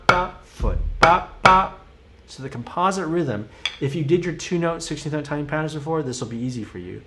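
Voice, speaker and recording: A man's voice: fairly high pitch, a little hiss or hum. A man teaching a drum lesson, counting and singing rhythms aloud while he plays, patient and encouraging, often checking in with the viewer. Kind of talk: live-streamed drum lesson.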